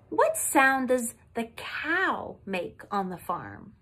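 A young woman leading a sing-along music lesson for toddlers, animated and coaxing in an exaggerated way. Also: a little high, slow, hardly any pauses. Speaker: children's music teacher.

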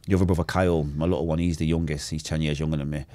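A man's voice: a bass voice, steady tone, rapid-fire, dark tone, no echo. A man telling an intense, emotional personal story as a podcast guest. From Manchester, England. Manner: intense, emotional, acts out quoted voices.

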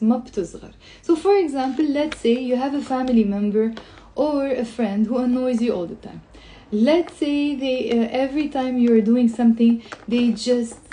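A woman with a fairly high, mellow voice teaches Lebanese Arabic in a live stream. She chats casually, laughs often and repeats phrases slowly for her viewers. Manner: chatty, greets viewers mid-explanation, laughs often. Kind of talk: live-streamed language lesson.

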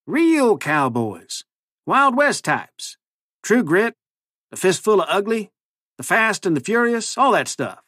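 A man's voice: high-pitched, sing-song, fairly bright tone, no room sound, clean studio sound, voice pushed up, full character voice. A man putting on a drawling would-be cowboy mayor. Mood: folksy. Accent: put-on Western cowboy drawl. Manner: drawling, earnest, slow. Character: small-town male mayor posing as a folksy cowboy.

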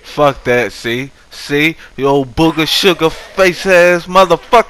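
Profane man doing slow gameplay commentary. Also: on the high side, a bit bright, clear, resonant tone. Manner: swearing, trash-talking enemies. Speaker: gamer. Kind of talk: profane let's-play commentary.

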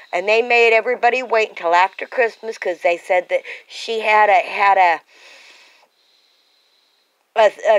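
A woman's voice: medium pitch, a bit bright, poor audio. Lady talking into a home cam, worked up and insistent, keeps restarting, plain middle voice. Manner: agitated, insistent, full of restarts. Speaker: parent telling her own account. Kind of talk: rambling monologue to a home camera. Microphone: home camera held by a family member.

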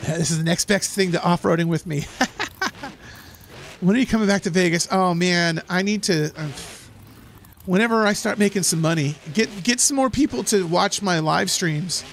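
Hoarse, excitable male streamer. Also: sits high, moderate pace, slight background noise. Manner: excitable, laughs often, reads chat aloud. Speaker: livestream host. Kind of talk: live gameplay commentary.

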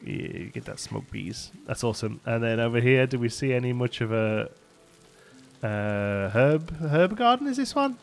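A man's voice: mid-range voice, sing-song, normal speed, creaky. A man casually commentating a city-building game as he plays, chatty and rambling, laughing often and thinking aloud. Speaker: let's play host.

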